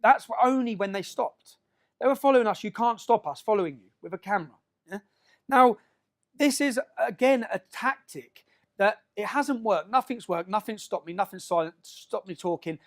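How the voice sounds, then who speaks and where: A man giving an emphatic speech to an audience, often checking in with a quick "yeah?". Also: high-pitched, animated. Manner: emphatic, keeps asking "yeah?" to the crowd. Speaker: public speaker.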